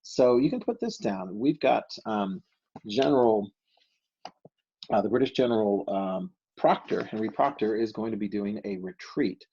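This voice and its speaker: A man's voice: on the low side, lively intonation, normal speed, warm tone, slight background noise. An American man teaching a history lesson in a loose, conversational way, full of fillers and rhetorical questions, sometimes acting out quotes. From United States. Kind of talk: recorded classroom lecture. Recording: dull lo-fi recording.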